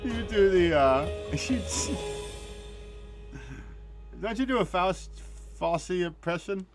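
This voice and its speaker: A man hosting a casual livestream, excitable, swearing and laughing often, trailing off mid-sentence. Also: sits high, drawn-out words, faint music behind. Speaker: show host.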